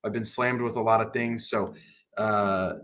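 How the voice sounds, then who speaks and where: A man's voice: on the low side, fairly even intonation, a little slow, fairly bright tone. A young man hosting a casual sports podcast, asking his co-hosts questions with repeated restarts. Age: young adult. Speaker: podcast host.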